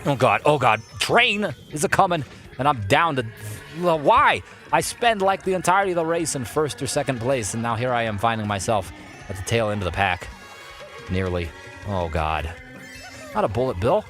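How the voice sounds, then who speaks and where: A man streaming a kart racing game live, commenting playfully and excitably while chatting with his viewers. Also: mid-range voice, normal speed, faint music behind.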